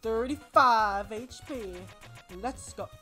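A woman giving casual gameplay commentary, excitable and prone to loud exclamations. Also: on the high side, takes it slowly, faint music behind. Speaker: let's player.

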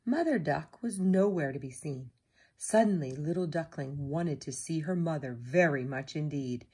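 A woman narrating children's picture books in a gentle, expressive storytelling voice. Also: low-pitched, moderate pace, slightly rough. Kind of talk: children's story read-aloud.

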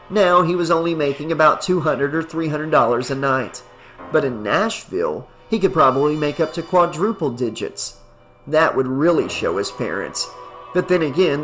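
Brief: male audiobook narrator, steady delivery, slightly raised pitch. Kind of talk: audiobook narration of horror fiction.

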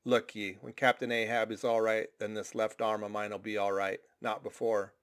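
A man's voice: on the low side, flat delivery, moderate pace, clear, resonant tone, close to an everyday voice. A man voicing a shabby, intense old sailor who mutters cryptic, ominous warnings. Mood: ominous, insistent.

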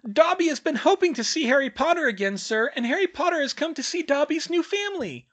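A man voicing an excitable male house-elf servant who squeals eagerly and talks in a servile way. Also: extremely high pitch, quick pace, voice pushed up.

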